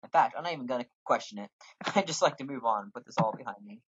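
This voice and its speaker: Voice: mid-range voice, animated, quick pace, husky, no room sound, muffled recording. A gamer giving sarcastic, jokey commentary with some swearing while playing a fantasy game. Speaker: let's play gamer.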